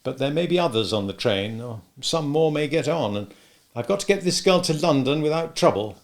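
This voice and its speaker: Narrator doing a cool british spy guy, brisk and businesslike, a bit gravelly. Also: a little high, animated, voice pushed up. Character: cool, brisk British secret agent man. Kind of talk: audiobook character voice.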